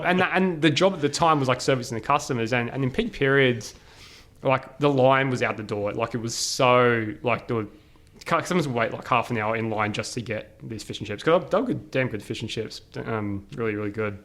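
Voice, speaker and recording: Speaking a little fast in a bright-ish, mid-range voice, this man is a podcast guest recounting stories in a loose, lively way. Frequent laughter and lots of fillers run through the casual interview.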